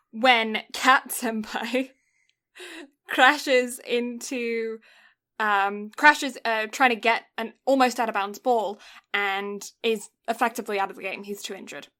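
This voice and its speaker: A woman's voice: a little high, sharp tone. A woman co-hosting a podcast, recapping an anime in a casual, rambling way, with frequent laughs and puns. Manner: giggly, punning, rambling. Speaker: podcast co-host.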